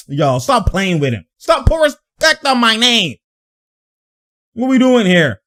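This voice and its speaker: Brief: young male host, excitable reaction commentary, slangy, laughs a lot, somewhat high voice. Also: measured pace. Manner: animated, laughing, repeats phrases, slangy. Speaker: sports commentator.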